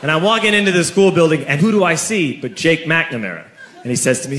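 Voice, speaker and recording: A man doing live stand-up, telling a story with animated delivery that speeds up and shouts at the punchlines. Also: on the high side, a little fast. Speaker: stand-up comedian. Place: comedy club stage before a live audience. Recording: echoey club with audience laughter and noise.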